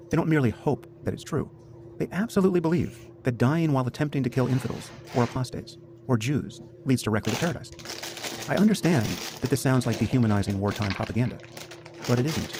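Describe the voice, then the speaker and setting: A man making a measured, argumentative case in a recorded speech clip. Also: medium pitch. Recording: noisy played-back clip.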